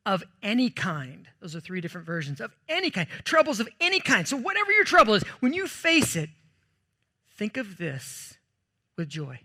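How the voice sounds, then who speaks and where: Animated high-voiced male preacher. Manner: animated, jokey storytelling with sudden loud bursts. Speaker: pastor. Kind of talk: sermon.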